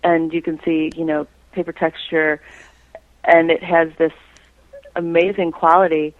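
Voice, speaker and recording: A woman's voice: deep voice, level tone, a little slow, dry recording, narrow, tinny audio. A woman being interviewed about her own artwork, chatting casually and breaking into playful impressions. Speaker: creator and artist being interviewed.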